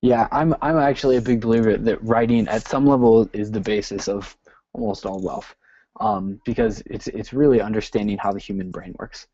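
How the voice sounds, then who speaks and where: Low, mellow man host, earnest and questioning, dull dry sound. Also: steady tone, moderate pace, no room sound. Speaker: interview host. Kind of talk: casual interview questions. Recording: muffled call audio.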